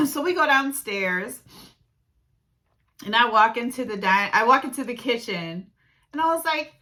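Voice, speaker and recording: A middle-aged woman with a dry throat, telling a personal story in a casual vlog, animated and often clearing her throat. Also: a little high, a little slow, pauses often, rough recording.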